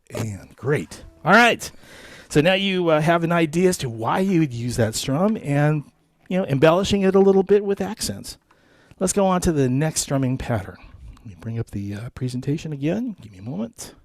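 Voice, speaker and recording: A man's voice: medium pitch, animated, normal speed, dry recording. A man leading a live guitar lesson, counting beats aloud and coaching his students in a friendly way. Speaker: guitar instructor.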